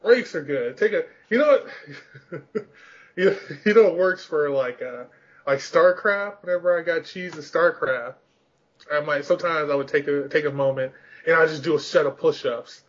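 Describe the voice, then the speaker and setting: A man's voice: on the high side, moderate pace. A man in a casual podcast chat who rambles through self-mocking stories and laughs often. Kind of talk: casual storytelling chat about gaming rage. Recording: dull, slightly lo-fi sound.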